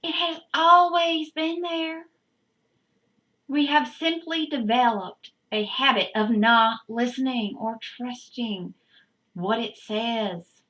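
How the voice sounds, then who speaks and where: A woman reading aloud in a put-on Southern US accent, voicing a woman who leads a healing gathering on a beach with a slow, earnest delivery. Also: a little high, a bit bright, poor audio.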